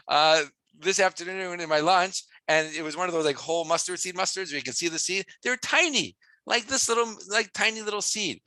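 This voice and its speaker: A man teaching as a rabbi, in a lively way, full of rhetorical questions. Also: high voice, no echo, poor audio. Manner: animated, asks many rhetorical questions.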